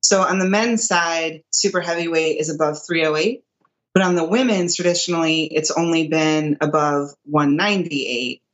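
A woman powerlifter, a guest in an interview, explaining a topic in a measured, methodical way. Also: sits low, lo-fi sound.

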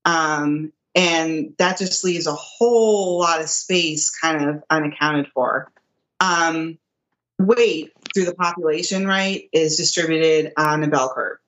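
Woman, very low voice, measured explainer, interview guest, lo-fi sound. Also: fairly bright tone. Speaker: guest, powerlifter.

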